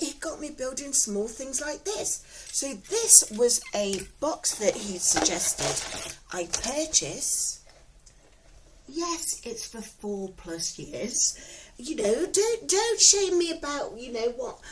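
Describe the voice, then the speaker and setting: A woman from England with a Nottingham accent and a fairly high voice tells stories to her viewers from home. The recording is low quality. Her vlog is casual and chatty, warm and giggly, rambling and repeating herself.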